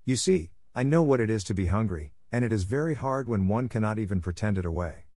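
A man voicing a gentle, earnest little girl who speaks softly and politely. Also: lowish voice, animated, a little fast, dry recording, clean studio sound.

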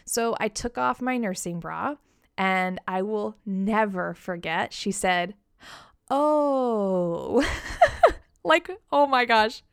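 A woman's voice: medium pitch, a little slow, creaky, clear, resonant tone, no room sound, studio quality. A woman in her thirties hosting a podcast, telling a personal story in a candid, chatty way and laughing at herself. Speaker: podcast host.

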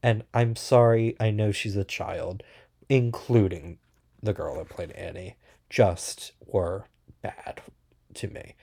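A man's voice: deep voice, vocal fry, a little mellow. A man giving a casual, rambling and bluntly sarcastic spoken review, full of fillers and asides. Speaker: theater reviewer.

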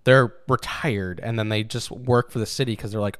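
A man's voice: on the low side, fairly even intonation, normal speed, few pauses, a bit bright, no room sound, clean studio sound. A young man co-hosting a casual chat, profane and mocking, often slipping into sarcastic mimicry of others. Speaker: podcast co-host.

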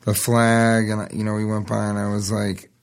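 A man's voice: lowish voice, flat delivery, normal speed. A man co-hosting a comedy podcast, rambling in a self-deprecating way and swearing freely in casual chat. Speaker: podcast co-host.

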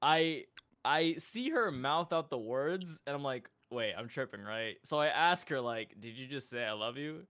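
A man's voice: medium pitch, animated, moderate pace, sharp tone. A young man telling a personal story in a casual chat, laughing and sounding self-conscious. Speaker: podcast guest.

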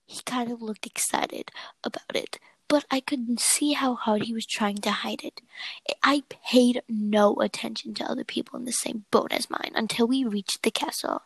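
A woman's voice: a little high, steady tone, moderate pace, gravelly, husky, dry recording, poor audio. A woman reading a fan fiction story aloud, mostly in a whisper. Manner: whispering narration. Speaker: reader.

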